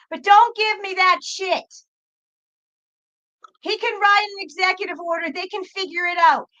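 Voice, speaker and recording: Woman host, very high bright voice, ranting at her livestream chat with a lot of swearing. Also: low-quality recording. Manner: profane, exasperated ranting; talks back to chat viewers.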